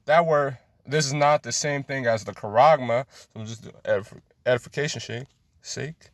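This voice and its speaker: A man's voice: mid-range voice, dry recording. A man teaching a scripture lesson in a street style, preachy, emphatic and full of profanity.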